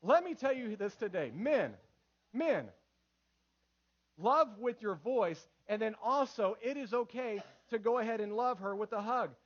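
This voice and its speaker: A man in his thirties preaching a sermon in church, lively and full of acted quotes. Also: high voice, measured pace, muffled recording. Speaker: pastor.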